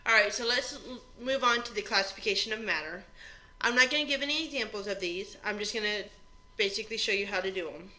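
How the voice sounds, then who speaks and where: This low-quality recording captures a woman who teaches chemistry running through an exam review. Her mid-range voice moves at a quick pace and sounds pushed and bright, yet her step-by-step explanations stay plain and conversational.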